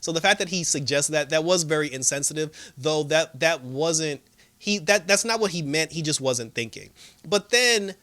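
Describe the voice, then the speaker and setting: Bright animated man recapping an episode. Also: a little high, normal speed. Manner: animated, laughing, lots of fillers. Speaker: show reviewer.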